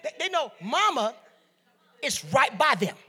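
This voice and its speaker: A woman from Detroit preaching a sermon with call-and-response, swinging from soft teaching to shouted exhortation. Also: high voice, big pitch swings, a little slow. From Detroit, USA. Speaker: preacher and beauty coach. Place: church service.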